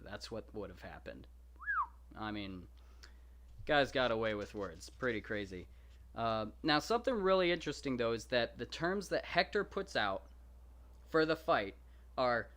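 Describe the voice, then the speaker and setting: Animated young man doing jokey commentary. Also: lowish voice. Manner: animated, jokey, paraphrases characters in slangy quoted voices. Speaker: podcast host reading and discussing a classic epic. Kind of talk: casual commentary.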